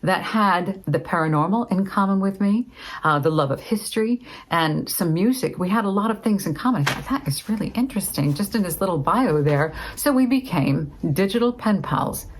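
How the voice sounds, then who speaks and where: A woman's voice: medium pitch, moderate pace, slight background noise, poor audio. A middle-aged woman casually telling a personal story, acting out both sides of remembered conversations. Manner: lively, acts out both sides of remembered dialogue.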